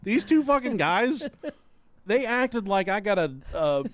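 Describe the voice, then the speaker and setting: A man casually telling a story on a podcast, animated and profane, often laughing as he talks. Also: high-pitched, a little slow, no echo. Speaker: podcast host.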